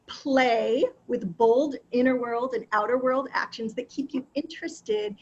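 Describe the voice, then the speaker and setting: An encouraging woman coach leads an online class with a bright, chatty delivery and laughs now and then. Her voice sits a little high. The recording is dull and lo-fi, with faint noise behind her. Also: steady tone, a little slow. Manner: warm, encouraging, laughs often. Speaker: wellness coach.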